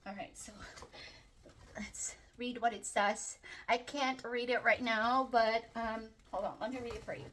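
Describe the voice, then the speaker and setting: A woman chatting casually through a book unboxing vlog, excitable and chatty with lots of fillers and little gasps. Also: a little high, a little slow, recorded from a distance. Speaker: book vlogger.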